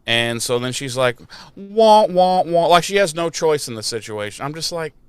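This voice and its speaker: A man hosting a podcast, casually retelling an episode with animated mocking voices for the characters and plenty of swearing. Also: mid-range voice, brisk, clear, resonant tone, no room sound. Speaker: podcast host.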